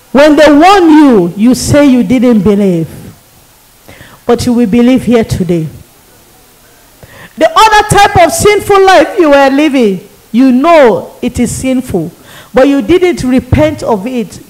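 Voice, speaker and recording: A woman with a Nigerian accent voicing a stern male demon who accuses a sinner in a slow, grave tone. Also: on the high side, a little mellow, pitched below the performer's own voice, rough recording. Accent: Nigerian English.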